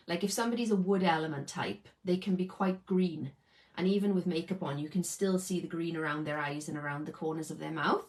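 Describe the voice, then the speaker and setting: A woman talks casually to her viewers about her healing practice, pitched a little low. She explains as she goes and keeps checking in with "okay?". Her tone is informal and unscripted. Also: rough recording. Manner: chatty, explains with lots of "okay?" tags. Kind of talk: casual talk to camera.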